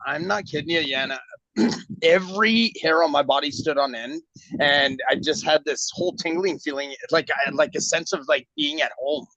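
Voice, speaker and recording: A man's voice: a little high, moderate pace, vocal fry, sharp tone, dry recording. A middle-aged man from Canada, a guest telling a long story in a casual interview and acting out the dialogue. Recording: dull lo-fi audio.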